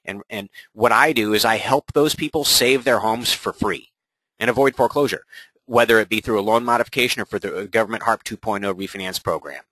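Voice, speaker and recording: A man coaching real estate agents in a webinar, energetic and often checking in with "right?". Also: fairly low pitch, a little fast, no echo, poor audio. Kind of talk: webinar presentation.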